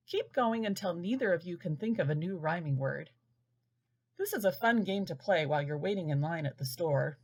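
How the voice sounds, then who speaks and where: A woman giving a scripted lesson to parents, patiently sounding out words slowly. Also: fairly low pitch, lively intonation, a little mellow. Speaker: early reading instructor. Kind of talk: scripted instructional narration.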